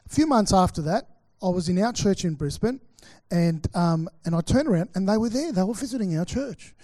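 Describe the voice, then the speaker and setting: Man, Australian accent, pastor, chatty storytelling sermon, high voice, dry sound. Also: lively intonation, fairly quick, dark tone, dry recording. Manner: chatty storytelling, acts out quotes, many fillers. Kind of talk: sermon with personal stories.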